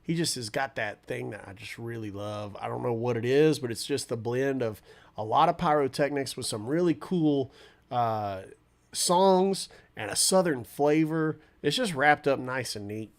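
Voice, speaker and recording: Laid-back male streamer, congested cold voice, mid pitch, casual rambling chat with viewers. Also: expressive, moderate pace. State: stuffy nose from a cold. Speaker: livestream host and guitarist.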